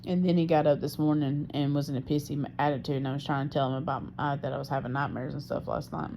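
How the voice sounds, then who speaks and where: A frustrated woman talks into her personal audio diary and curses freely as she vents. Her voice sits fairly low, with a rough, fry-laden edge. The tone is mellow and dark rather than bright. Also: steady tone, fast talker, a little hiss or hum. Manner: profane, frustrated, heavy swearing. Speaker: diarist.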